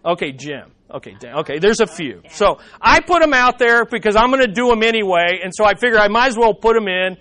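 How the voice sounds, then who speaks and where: High-voiced passionate male preacher. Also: sing-song, brisk, few pauses, sharp tone. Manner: passionate, rises and drops sharply for emphasis, asks the congregation questions; playful asides to the congregation. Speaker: pastor. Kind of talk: sermon.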